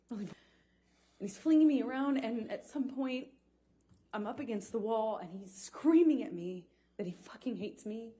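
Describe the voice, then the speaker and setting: A woman testifying as a witness in a courtroom, speaking haltingly with pauses and restarts. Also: mid-range voice, warm tone.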